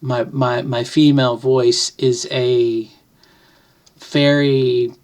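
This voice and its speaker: A woman's voice: very deep voice, level tone, slow, darkish tone. Middle-aged trans woman, rambling and reflective. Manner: thoughtful, rambling, with many restarts and self-deprecating jokes. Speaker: vlogger. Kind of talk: casual to-camera talk. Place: home, at a computer desk.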